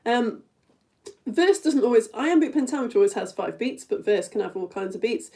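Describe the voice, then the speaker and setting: Her voice is a little high and expressive, creaky and dark in tone, moving at a normal speed. She is a middle-aged woman hosting a playful live-streamed quiz lesson for all ages online, frequently breaking into giggles and addressing viewers directly.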